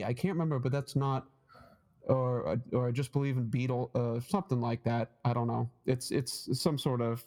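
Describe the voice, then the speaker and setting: A man's voice: mid-range voice, steady tone, moderate pace, darkish tone. A man co-hosting a podcast, chatting casually and rambling through retold jokes. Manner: rambling, retells jokes in put-on voices. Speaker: podcast co-host. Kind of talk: casual chat.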